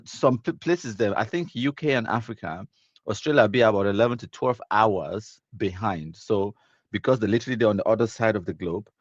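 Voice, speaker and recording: A man's voice: fairly low pitch, dry recording, dull audio. A man with a Cameroonian accent hosting a live stream, casually reading viewer comments aloud, mixing in Pidgin and laughing often.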